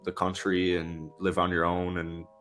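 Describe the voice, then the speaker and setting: Young male co-host, low voice, relaxed and easily impressed, faint music under. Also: moderate pace. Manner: laid-back, easily amazed. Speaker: co-host of a basketball show. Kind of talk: casual sports talk.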